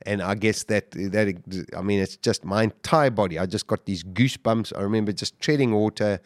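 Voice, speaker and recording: A man's voice: lowish voice, normal speed, no echo, studio quality. A middle-aged man, a podcast guest, telling a survival story intensely and vividly, acting out his own quotes. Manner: animated, vivid retelling with acted-out quotes.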